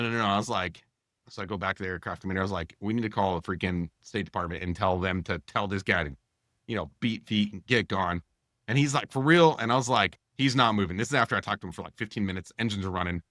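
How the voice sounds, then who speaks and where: A man co-hosting a podcast, telling a long anecdote in a casual, animated way and acting out the dialogue, with many fillers. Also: fairly low pitch, dry recording, studio quality. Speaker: podcast co-host. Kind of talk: casual storytelling.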